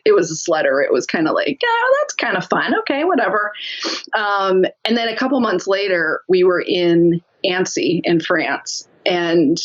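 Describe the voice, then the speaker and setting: A woman's voice: on the low side, dull audio. A woman guest telling stories in a casual interview, laughing often and acting out what people said. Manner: lively, laughs often, acts out quotes. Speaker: podcast guest.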